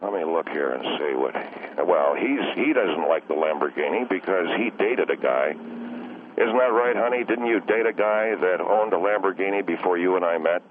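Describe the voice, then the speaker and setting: An actor with a low, expressive voice plays a touchy, rambling middle-aged husband calling into a radio comedy show, speaking at normal speed. He's defensive and keeps mixing up "he" and "she." The tinny phone line carries slight background noise.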